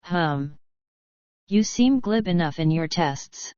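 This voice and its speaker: A woman reading the lines of a gruff, suspicious male lodge boss with a blunt, hot-tempered manner, in a dull lo-fi recording. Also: on the low side, animated, slow, a little mellow, no room sound.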